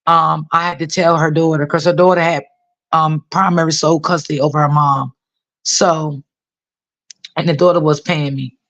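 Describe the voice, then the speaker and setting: A woman's voice: sits low, steady tone, normal speed, a bit bright, highs cut off. A woman telling a personal story to her viewers in a casual way, often repeating herself and using many fillers. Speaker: author talking to viewers.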